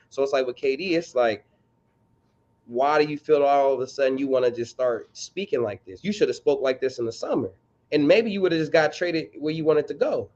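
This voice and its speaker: A man's voice: mid-range voice, animated, brisk, a little mellow. Male co-host, blunt and slangy, casual sports debate, a bit muffled. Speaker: podcast co-host.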